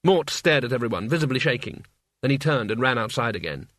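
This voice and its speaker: A man narrating a story aloud in an expressive, wry reading. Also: mid-range voice, a little fast, dry recording, studio quality. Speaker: audiobook reader. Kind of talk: scripted narration.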